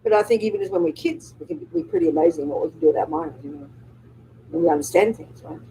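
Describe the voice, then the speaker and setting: A woman's voice: fairly low pitch, sing-song, quick pace, vocal fry, mellow, a little hiss or hum, poor audio. A woman Buddhist nun giving a live dharma talk, speaking emphatically and often checking with the audience through rhetorical and tag questions.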